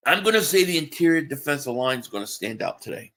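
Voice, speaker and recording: A man's voice: fairly high pitch, expressive, quick pace, a bit bright. A man hosting a live stream, chatting casually and answering viewers' comments while tired from just waking up. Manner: reads chat aloud and answers viewers, with restarts.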